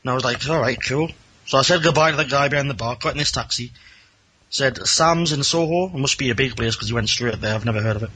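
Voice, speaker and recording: A fast-talking man with a Geordie accent phones in to a radio show, his medium-pitched voice pushed and bright over a slight hiss or hum. His casual story wanders and mocks himself, and he voices the other characters as he goes.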